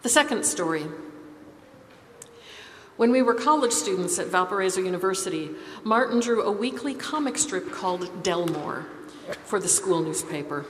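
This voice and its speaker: A woman preaching a sermon, telling stories in a measured, expressive way. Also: lowish voice, a little hiss or hum. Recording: reverberant hall with faint ambience.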